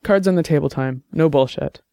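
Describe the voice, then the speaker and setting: A man voicing a blunt, conflicted middle-aged man in an audiobook drama, talking in a halting, earnest way. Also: fairly high pitch, gravelly, mellow, clean tone, dry recording.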